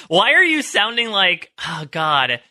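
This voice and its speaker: A man's voice: high voice, very animated, slow pace, pushed and bright. A man co-hosting a podcast, musing and speculating in casual chat. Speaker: podcast co-host.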